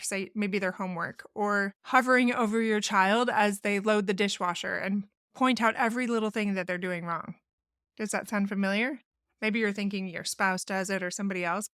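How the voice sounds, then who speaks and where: A woman's voice: mid-range voice, a bit bright, no room sound, studio quality. A woman therapist hosting a solo podcast, explaining family communication in an earnest, instructive way and acting out sample phrases. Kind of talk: solo podcast advice talk.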